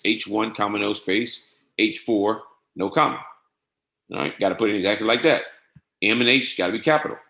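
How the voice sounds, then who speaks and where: A man giving a casual screen-share tutorial on trading software, often saying "all right" and spelling codes out slowly. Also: on the low side. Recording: echoey room.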